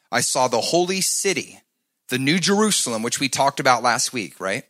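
A man preaching a sermon, moving from loud, emphatic passages to soft, hushed asides and asking the congregation to answer back. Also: mid-range voice. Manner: talks to the congregation, asks them to answer back. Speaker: pastor.

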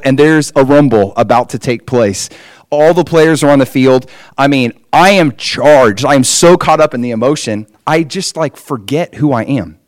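A man's voice: medium pitch, no echo. A man preaching a personal testimony as a story, with emphatic rises in his delivery.

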